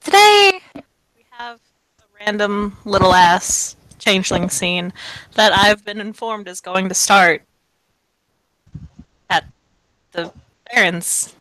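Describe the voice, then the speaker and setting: A woman's voice: medium pitch, pushed and bright, dry recording. A woman narrating as game master in a laid-back, slangy way, swearing freely. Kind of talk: casual tabletop game narration.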